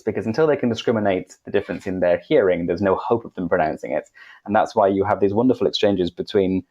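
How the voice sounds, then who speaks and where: A man's voice: on the low side, a little mellow, dull audio. A Welsh man co-hosting a podcast, talking in a rambling, self-correcting, chatty way. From Wales. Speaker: podcast co-host, English teacher. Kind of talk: casual podcast discussion.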